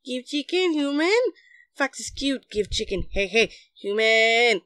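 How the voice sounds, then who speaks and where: A narrator voicing a cute, greedy fox that begs in a soft, whiny, pleading way. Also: medium pitch, expressive, unhurried, smooth, dry recording, studio quality.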